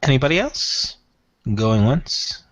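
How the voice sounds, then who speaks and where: A man narrating a tabletop role-playing game as game master in a relaxed, unhurried way. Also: mid-range voice, no echo.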